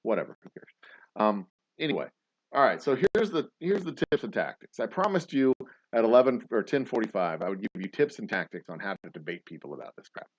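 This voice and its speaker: A man's voice: on the low side, very animated, fairly quick, highs cut off, a little hiss or hum. A man hosting a casual livestream chat, rambling and sarcastic, with plenty of swearing. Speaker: host.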